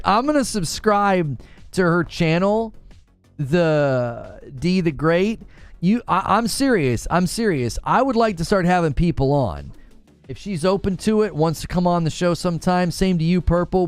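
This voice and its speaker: A man hosting a gaming news stream, chatting casually with viewers and reading their comments, animated and quick to laugh. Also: high-pitched, smooth, faint music behind. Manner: animated, laughs often, thinks aloud with restarts. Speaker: host of a gaming news show.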